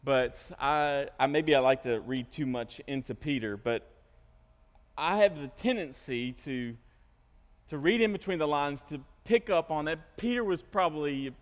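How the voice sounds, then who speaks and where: A male pastor preaching a sermon, with animated storytelling, self-interruptions and joking asides. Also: on the high side. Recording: long hall reverb.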